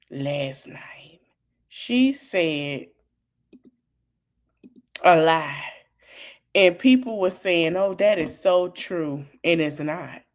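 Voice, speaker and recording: A woman hosting a podcast, talking to her audience in an animated, casual way about politics and laughing often. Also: on the low side. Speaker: podcast host.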